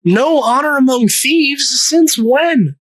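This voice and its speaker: A young man co-hosting a podcast, cursing a lot, laughing and riffing quickly in casual comedic chat. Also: very high-pitched, lively intonation, rough recording. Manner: sweary, laughing, rapid riffing. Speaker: podcast co-host.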